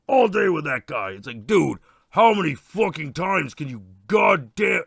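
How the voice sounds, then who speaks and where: A man plays a foul-mouthed masked slasher killer, ranting and swearing as he rambles through a comedy Q&A. His voice is gravelly and husky, pitched fairly high and bright, with a lively, swooping delivery. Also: a little slow, dry recording, studio quality, full character voice. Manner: rambling, swearing, irritable rants. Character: crude, excitable masked slasher killer, male adult. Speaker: stream host in character. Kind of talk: in-character comedy Q&A.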